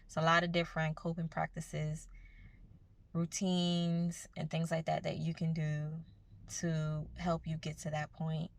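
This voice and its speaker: A woman's voice: deep voice, completely flat delivery, unhurried, vocal fry. A woman giving a casual, earnest motivational talk to her viewers, speaking conversationally about spiritual growth. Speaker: self-help vlogger.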